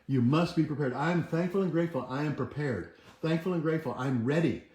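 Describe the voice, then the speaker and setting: A man's voice: on the high side, fairly quick, a little mellow. Earnest coaching man in an echoey room. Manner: earnest, repetitive, coaching and urging viewers to join in. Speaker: host. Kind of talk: motivational livestream talk with chanted affirmations. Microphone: camera mic, moves back from it.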